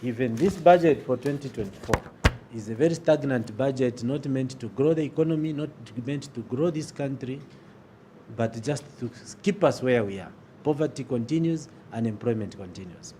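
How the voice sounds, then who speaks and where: Man, Zambian English accent, politician at a press briefing, emphatic and deliberate, faint noise behind. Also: medium pitch, warm tone. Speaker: opposition member of parliament.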